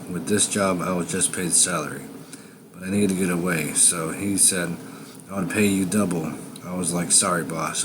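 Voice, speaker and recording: A man narrating a first-person scary story in a low, unhurried, menacing drawl. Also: noisy background.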